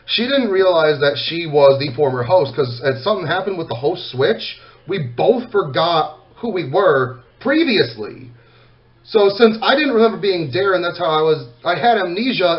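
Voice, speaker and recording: A man casually talking to his viewers, reading comments aloud, emotional and swearing freely, swinging from loud outbursts to soft, quiet thanks. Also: on the high side, highs cut off. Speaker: content creator reading comments.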